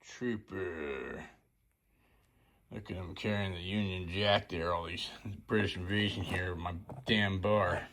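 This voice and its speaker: A man's voice: low-pitched, slow pace, fairly bright tone. A man casually reviewing his own homebrew beer, rambling and correcting himself as he talks. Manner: rambling, self-correcting, chatty.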